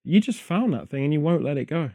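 A man's voice: a little high, expressive, fast, gravelly, warm tone, dry recording, studio quality. A British man hosting a podcast, rambling through casual chat full of wry, absurd jokes. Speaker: podcast host.

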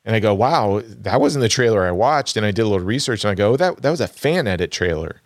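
A man's voice: fairly low pitch, animated, fast talker, dry recording, clean studio sound. A man co-hosting a podcast, chatting casually about films and thinking aloud as he goes. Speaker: podcast co-host. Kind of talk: casual movie chat.

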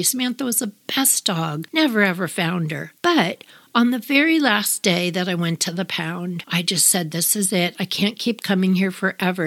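A middle-aged woman hosting a podcast, telling a personal story in a chatty, animated way and talking straight to her listeners. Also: on the low side, dry recording. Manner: animated, chatty, addresses listeners as "you all". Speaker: podcast host.

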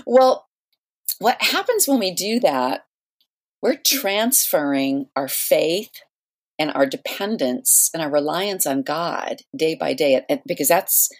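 A middle-aged woman who is a guest author on a podcast interview, speaking in a thoughtful, measured way. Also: low-pitched, animated. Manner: thoughtful, measured, with soft laughs.

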